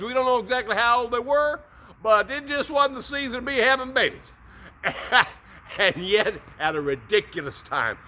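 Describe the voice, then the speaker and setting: Upbeat male preacher, folksy devotional host, high and bright. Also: slight background noise. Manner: upbeat, folksy, repeats words. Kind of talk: short devotional talk.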